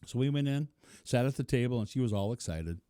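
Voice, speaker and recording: A man's voice: mid-range voice, lively intonation, quick pace, warm tone, smooth, dry recording, studio quality. A middle-aged man telling a personal story in an interview, chuckling often and acting out what people said. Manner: chuckling, vivid, acts out quotes. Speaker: interview guest.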